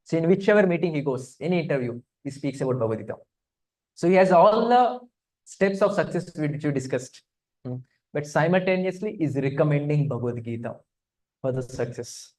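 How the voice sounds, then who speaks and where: A man's voice: fairly high pitch, animated, a little fast, darkish tone. A man leading a scripture study class. He talks interactively, asks his listeners questions and often hums between points. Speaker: spiritual teacher.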